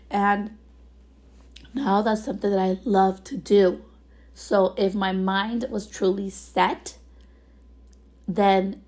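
Raspy-voiced woman hosting a podcast. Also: medium pitch. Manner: chatty, motivational, loose with fillers. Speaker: podcast host. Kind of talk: casual solo podcast monologue. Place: at home.

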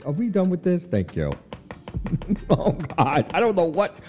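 Animated, mellow-voiced male radio host. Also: on the high side, unhurried, soft background music. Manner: animated, chatty, laughs often, frequent "you know what I'm saying". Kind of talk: casual on-air commentary. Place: radio studio.

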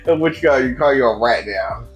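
A man's voice: mid-range voice, lively intonation, fairly quick, muffled recording. A man co-hosting a casual chat who asks questions and teases his friend in a slangy, laughing way.

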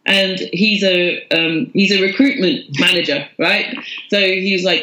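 A woman's voice: lowish voice, steady tone, unhurried, bright, forceful tone, reverberant, poor audio. A woman, a podcast guest telling her story candidly and with self-mockery. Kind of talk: casual storytelling.

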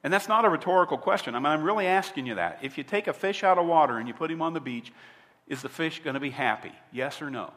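A man's voice: on the high side, animated, fast talker, fairly bright tone, in a large hall. A man preaching a sermon as a pastor, emphatic and asking his listeners direct questions. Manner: emphatic, asks the audience rhetorical questions.

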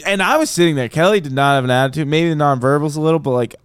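A man hosting a casual podcast chat, telling a story with lively quoted voices. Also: on the high side, racing, clear, resonant tone, dry recording, studio quality. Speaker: podcast host.

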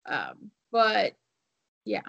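A woman's voice: medium pitch, huge pitch swings, extremely slow, vocal fry, fairly bright tone, lo-fi sound. A woman co-hosting a podcast, telling a story in casual chat with lots of fillers and laughs. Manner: rambling with many fillers and laughs. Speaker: podcast co-host.

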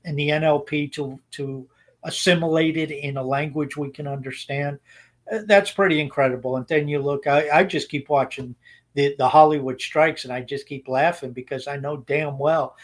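A man's voice: a little high, steady tone, moderate pace. A man co-hosting a podcast, giving blunt opinions in casual chat and rambling with frequent restarts. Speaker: podcast co-host.

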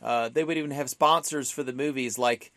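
A man's voice: medium pitch, brisk, bright, forceful tone, no room sound. Casual male podcast co-host, talkative, fillers and restarts, dry close mic. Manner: chatty, many fillers and restarts, acts out quotes. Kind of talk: casual film discussion.

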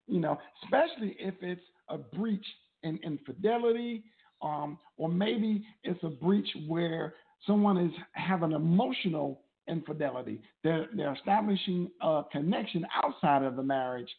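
Man, loose conversational advice, slightly high pitch, phone-like audio. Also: normal speed, creaky. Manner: loose and conversational, repeats words while thinking. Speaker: co-host of a marriage talk show. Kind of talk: casual advice chat. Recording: tinny phone-like sound.

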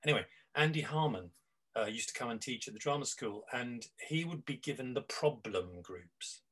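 A man's voice: mid-range voice, expressive, moderate pace, a bit bright, breathy edge, low-quality recording. A middle-aged man, a guest on an interview, talking reflectively with many restarts and fillers. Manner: rambling, with frequent restarts and fillers. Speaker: guest, improv teacher.

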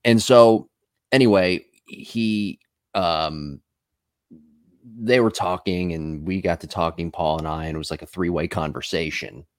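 A man's voice: low voice, unhurried, dry recording, clean studio sound. A man hosting a podcast in casual chat, telling rambling stories with many fillers and asides. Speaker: podcast host.

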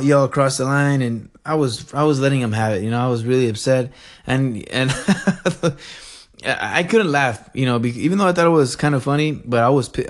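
A young man telling a story in a casual rant, animated and rambling, swearing and laughing as he goes. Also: medium pitch. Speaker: vlogger.

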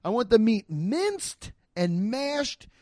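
A man's voice: high voice, very animated, slow pace, warm tone, no echo, studio quality, voice pushed up, full character voice. A man voicing a pompous old German duke who haughtily demands a hamburger. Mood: haughty demanding.

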